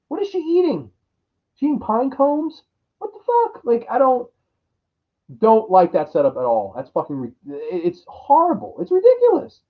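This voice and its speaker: A man ranting through a crude, exasperated horror movie review, mocking the characters in put-on voices. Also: very high voice. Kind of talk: profane ranting film review. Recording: dull lo-fi audio.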